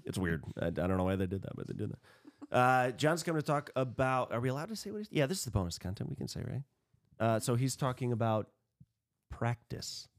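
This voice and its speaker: A man of middle pitch hosting a podcast, talking loosely and at length. He rambles from one thought to the next and laughs easily. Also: sing-song. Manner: chatty, rambling, quick to laugh. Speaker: podcast host. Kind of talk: casual chat.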